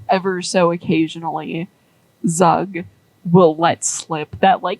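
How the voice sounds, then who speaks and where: A woman's voice: fairly low pitch, fairly even intonation, slow, dry recording, low-quality recording. A woman rambling through a story in casual chat, with lots of "like" and acted-out quotes. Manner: rambling, many "like"s, acts out quoted characters.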